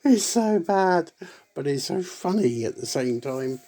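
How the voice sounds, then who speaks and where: A man rambling casually to camera in a solo vlog, halting and restarting often and breaking into laughter. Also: fairly high pitch, animated, dark tone. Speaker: vlogger.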